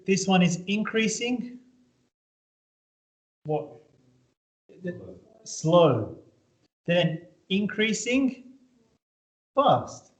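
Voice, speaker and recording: Casual tutor in an echoey room. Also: male voice, a little high, a little mellow. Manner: casual, checks in with students often. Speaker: maths tutor. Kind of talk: classroom lesson. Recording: echoey room, dull lo-fi sound.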